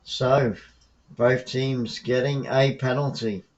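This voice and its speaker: A man from the south coast of England with a Southern English accent, giving chatty live football commentary as a fan, shouting on goals. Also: mid-range voice, steady tone, takes it slowly, lo-fi sound.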